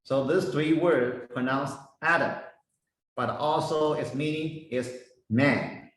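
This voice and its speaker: A man teaching a Bible lesson, slowly spelling out Hebrew words and their meanings one by one. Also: fairly high pitch, a bit bright. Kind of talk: slow explanatory lesson. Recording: echoey room, voice heard from a distance.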